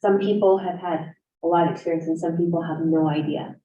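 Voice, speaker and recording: A woman's voice: lowish voice, steady tone, brisk. A woman instructor speaking frankly and conversationally on a panel at a career event. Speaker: graduate program instructor. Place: university event room. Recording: distant, echoey, dull room recording.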